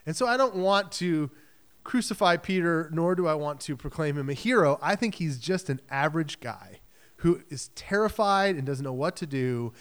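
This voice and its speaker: Animated, casual-sounding male preacher. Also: on the high side. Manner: conversational, animated, acts out the story in quick quoted voices. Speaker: pastor. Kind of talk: sermon.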